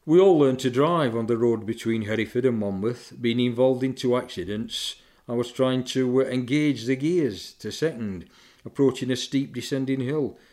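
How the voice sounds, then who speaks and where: A man's voice: mid-range voice, normal speed. An older man, plainly recounting his war memories in a reflective way. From England, Sheffield. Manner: plain-spoken, reflective, softening with grief. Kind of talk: personal memoir recollection.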